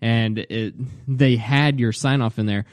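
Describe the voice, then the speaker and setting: A man's voice: mid-range voice, fairly even intonation, measured pace, no room sound, studio quality. A man from Indiana with a Southern Indiana accent, co-hosting a podcast in a casual, laughing way. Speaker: podcast co-host.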